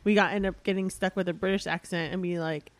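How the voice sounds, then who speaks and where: A woman's voice: lowish voice, steady tone, quick pace. A young woman in casual chat, curious and asking follow-up questions.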